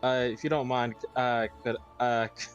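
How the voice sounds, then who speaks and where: A man's voice: mid-range voice, steady tone, moderate pace, muffled recording, soft background music. A man playing a tabletop game, speaking hesitantly with many uhs. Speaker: player. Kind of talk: casual chat at a game table.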